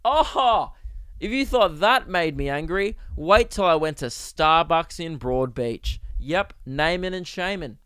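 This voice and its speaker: A young Australian man hosting a podcast, ranting comically and exasperatedly, jumping into sudden high-pitched outbursts. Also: expressive, slow pace, a bit bright, clear, resonant tone, no room sound, studio quality. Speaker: podcast host. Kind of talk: comedic rant.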